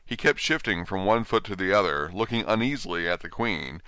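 A man narrating a storybook in an expressive, animated way on a close mic. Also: sits low, fairly quick, smooth, no room sound. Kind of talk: storybook reading.

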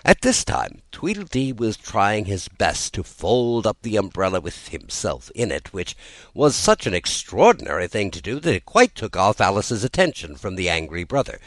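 A man reads a storybook aloud in a low voice. His narration is animated and swings widely in pitch, and the recording is dry and close. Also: no room sound. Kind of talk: storybook reading.

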